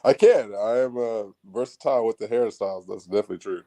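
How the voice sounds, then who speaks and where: A man's voice: fairly low pitch, fast, mellow. A man chatting casually as a guest, laid-back and slangy, laughing often. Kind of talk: casual chat.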